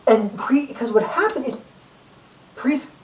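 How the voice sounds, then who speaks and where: A woman's voice: high-pitched, lively intonation, slow, darkish tone. A young woman vlogging casually to camera, rambling and chatty with lots of fillers and little jokes. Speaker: YouTube vlogger. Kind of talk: casual talk to camera about a book. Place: room, filmed by a camera person. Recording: echoey room from far off.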